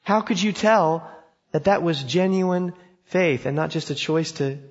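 A man's voice: on the high side, a little slow. A man preaching a sermon, telling a story with emphasis and putting questions to his listeners. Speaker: pastor. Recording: dull sound in a reverberant hall.

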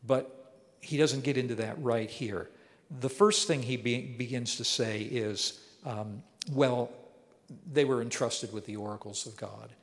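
A man's voice: mid-range voice, a little slow. Earnest man teaching scripture. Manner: earnest, emphatic, explanatory. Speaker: Bible teacher. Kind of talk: verse-by-verse Bible lesson. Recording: long hall reverb.

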